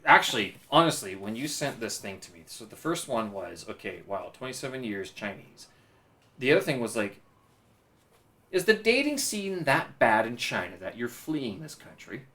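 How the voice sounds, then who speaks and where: A man from Canada hosting a casual podcast chat, teasing his guest with quick, profane questions. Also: medium pitch, big pitch swings, pushed and bright. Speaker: podcast host.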